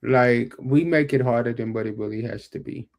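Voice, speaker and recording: A man's voice: mid-range voice, normal speed, gravelly, darkish tone. A man co-hosting a podcast, talking emphatically and repeating his points. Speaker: podcast co-host and executive producer. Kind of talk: casual podcast chat.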